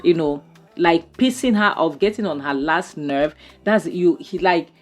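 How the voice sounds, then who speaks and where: A woman with a deep, low voice recaps a drama episode in loose, rambling commentary. She sounds exasperated and keeps filling her talk with "you know" and "um". Soft music plays faintly behind her. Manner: exasperated, talks fast with many fillers and "you know". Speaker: movie reviewer.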